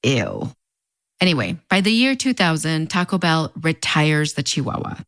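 A woman's voice: deep voice, sing-song, moderate pace, a bit bright, dry recording, studio quality. Wry woman with a fronterizo accent. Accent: fronterizo Mexican border Spanish-influenced English. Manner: wry, conversational, playfully sarcastic asides. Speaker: video essay host. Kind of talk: scripted narration.

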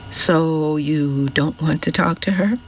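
A man voicing Brian, a cheerful middle-aged male volunteer who talks in a casual, unhurried, matter-of-fact way. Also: a little high, fairly even intonation, highs cut off, a little hiss or hum. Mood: easygoing.

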